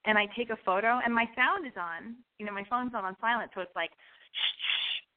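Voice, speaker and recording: A woman spins a comic story in a rambling, animated way, tripping over restarts and side remarks. Her voice sits a little high. The sound is narrow and tinny, as if heard over a phone line. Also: fast talker.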